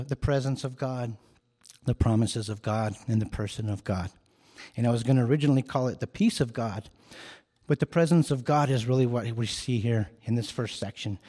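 A man's voice: mid-range voice, mellow, big-room sound. A man preaching a sermon as a pastor, earnest and emphatic, repeating key phrases for emphasis.

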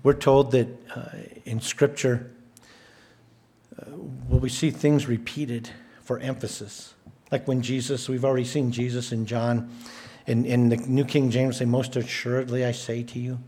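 A male pastor delivering a sermon in a measured, emphatic way. He leans on repetition to drive his points home, and his voice sits at an ordinary pitch for a man. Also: flat delivery, warm tone. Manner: emphatic, repeats words for stress, measured delivery.

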